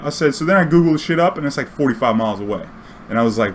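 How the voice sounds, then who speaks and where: A man from Louisiana telling a long cab story in a profane, animated way, acting out the dialogue. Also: mid-range voice, very fast, a little hiss or hum. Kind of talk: casual storytelling.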